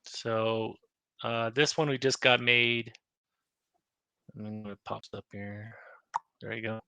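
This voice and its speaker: A man's voice: fairly low pitch, fairly even intonation, slow pace, pushed and bright, clean tone, no echo. A man, a navy chief, chatting casually about challenge coins, rambling with many fillers and restarts. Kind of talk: casual show-and-tell chat.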